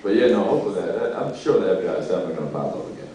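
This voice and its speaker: Deep joking man in a big hall. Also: expressive, racing. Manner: joking, self-mocking. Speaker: actor on a convention panel. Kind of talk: casual panel chat. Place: large convention hall. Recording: echoey hall from far off, loud noise.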